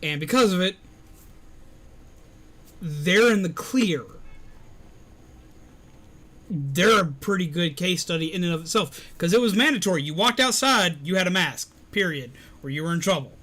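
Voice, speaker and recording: A man's voice: high voice, lively intonation, normal speed, pauses often, sharp tone. A man in casual live-stream chat, answering viewer comments while recovering from illness. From Alabama, US.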